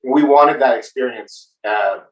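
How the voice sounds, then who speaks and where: A man speaks at an ordinary pitch, sitting well back from the mic in a noticeably echoey room. He chats casually as a brewmaster, and his explanations ramble loosely, full of fillers and restarts. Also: a little slow, recorded from a distance, lo-fi sound. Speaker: brewmaster guest. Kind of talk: casual chat.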